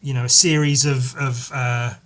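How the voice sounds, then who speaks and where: A man hosting a solo podcast, rambling in casual chat, swearing freely and filling pauses with "like" and "um". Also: medium pitch, flat delivery, fairly bright tone. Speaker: podcast host.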